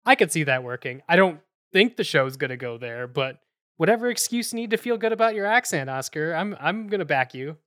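A man with a bright, smooth voice chats easily on a podcast panel, upbeat and relaxed in manner. His voice sits a little higher than most men's, recorded dry and close. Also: fairly quick, no room sound. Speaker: podcast co-host. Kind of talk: casual panel discussion.

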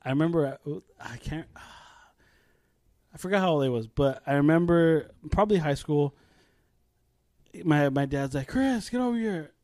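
A young man co-hosting a casual podcast, telling animated stories, laughing often and swearing. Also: on the high side, measured pace, long pauses, no echo. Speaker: podcast co-host. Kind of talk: casual chat.

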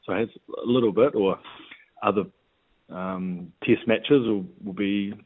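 A man, a retired rugby player talking as a guest in a laid-back, halting way. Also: on the low side. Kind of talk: casual interview chat. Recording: tinny phone-like line.

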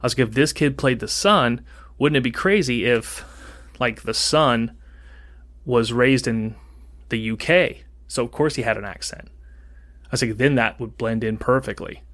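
A man's voice: mid-range voice, unhurried. A man co-hosting a podcast, casually telling a rambling story and acting out the dialogue as he goes. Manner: rambling, animated, acts out quoted dialogue. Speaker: podcast co-host.

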